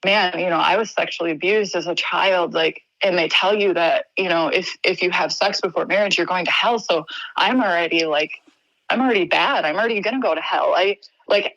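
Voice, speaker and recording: Podcast guest, woman from Wisconsin, young adult. Lower-pitched voice, candid and halting delivery, dry close-miked sound. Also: a bit bright, no echo, poor audio. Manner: earnest, halting, many restarts and fillers. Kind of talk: candid personal storytelling.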